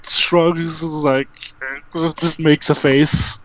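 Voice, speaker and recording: A man narrating a tabletop role-playing game as game master in a loose, unhurried way. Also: on the high side, flat delivery, low-quality recording.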